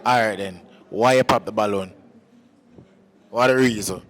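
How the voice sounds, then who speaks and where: A man's voice: fairly low pitch, normal speed. A man with a Jamaican accent hosting a dating game, asking short, direct questions. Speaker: host. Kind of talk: casual chat. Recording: reverberant space.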